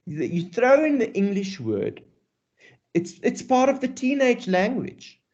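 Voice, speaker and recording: Lively South African male teacher. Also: very high-pitched, slow. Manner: animated, mixes English and Afrikaans, rhetorical questions. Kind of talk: classroom poetry lesson. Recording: dull lo-fi recording.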